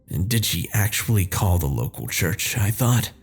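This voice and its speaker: A man narrating a first-person horror story in a measured, descriptive way. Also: deep voice, big pitch swings, creaky, husky.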